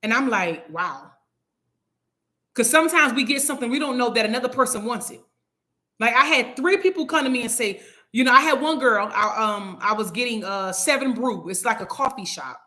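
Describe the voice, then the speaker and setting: A woman's voice: fairly high pitch, brisk, bright, forceful tone. A woman in her thirties hosting a Bible study, telling her testimony in a casual, emphatic way full of rhetorical questions.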